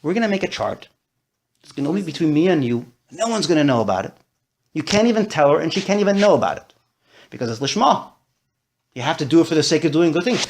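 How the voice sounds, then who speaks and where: A man's voice: sits high, very animated, quick pace, slight background noise. A man teaching a discussion-style class, talking animatedly and mixing in Yiddish and Hebrew terms. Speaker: Torah teacher.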